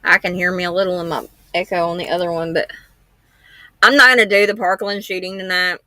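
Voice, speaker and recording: A woman's voice: lowish voice, fairly even intonation, fairly quick, pushed and bright, no room sound. A woman hosting a true-crime livestream from home, rambling in a frank, homespun way. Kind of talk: casual livestream chat.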